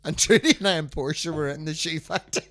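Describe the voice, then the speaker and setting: A man's voice: fairly high pitch, fast, fairly bright tone, dry recording. A man co-hosting a casual podcast, reminiscing fondly and giggling. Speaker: podcast co-host.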